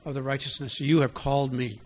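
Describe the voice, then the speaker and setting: A man's voice: mid-range voice, fairly even intonation, brisk. A man preaching a sermon in an easy, conversational way, often asking his listeners direct questions.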